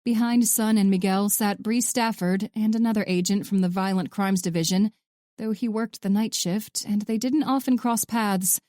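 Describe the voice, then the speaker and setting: A woman narrating a thriller audiobook in a steady, sardonic storytelling voice. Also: mid-range voice, moderate pace, no echo, studio quality.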